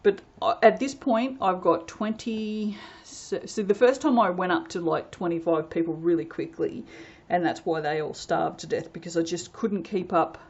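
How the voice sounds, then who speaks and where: An Australian woman, host of a soap-making channel, chatting casually and rambling while she works, laughing often and breaking into sudden loud exclamations. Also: fairly low pitch, normal speed, highs cut off. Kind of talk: casual chat while working.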